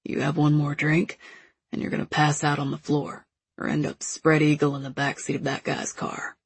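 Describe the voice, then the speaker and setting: A woman reading the part of an angry, bitter young man with a gruff, clipped delivery. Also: deep voice, monotone, normal speed, no echo, exaggerated voice. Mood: curt.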